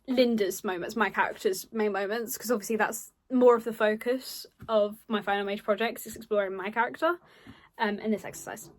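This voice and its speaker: Young woman talking through her drama project, casual and chatty, lots of ums, a touch high. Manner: chatty with playful asides and frequent ums. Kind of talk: casual spoken presentation.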